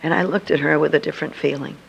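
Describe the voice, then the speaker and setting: A woman's voice: sits low, fairly even intonation, racing, gravelly, a little hiss or hum. An older woman, a Christian speaker, telling a personal story and acting out the dialogue in a lo-fi archive recording. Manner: vivid storyteller who acts out dialogue.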